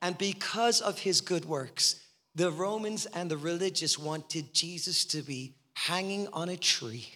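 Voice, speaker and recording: A man preaching a sermon as a guest speaker, impassioned and rising to shouts. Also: fairly high pitch, measured pace. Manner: impassioned, rising to shouts, acting out voices in parables. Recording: long hall reverb with faint guitar behind.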